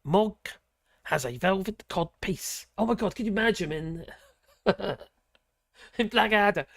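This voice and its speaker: The livestream host, a man from Norfolk, England with a Norfolk accent, chats casually and rambles, full of fillers, chuckles and exclamations. His voice is high and a little bright. The audio is studio quality with no echo.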